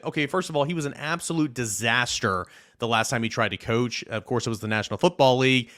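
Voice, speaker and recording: Guy hosting a football podcast, fired up, opinionated, goes loud then mutters. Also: medium pitch, fast. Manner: animated, opinionated, swings between loud jabs and muttered asides. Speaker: podcast host. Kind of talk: casual sports podcast talk with a read ad.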